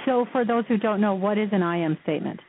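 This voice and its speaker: A woman's voice: medium pitch, fast talker. A woman hosting a radio talk show, asking questions and chatting casually about herself. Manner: chatty, conversational. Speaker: radio host. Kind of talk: radio interview. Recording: tinny radio sound with faint hiss.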